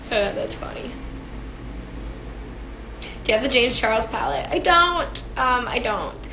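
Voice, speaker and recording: A woman's voice: on the high side, expressive, slow pace, long pauses, noisy background. A young woman chatting casually with viewers on a phone live stream, talkative and giggly, with lots of fillers. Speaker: beauty influencer. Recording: echoey room, faint ambience.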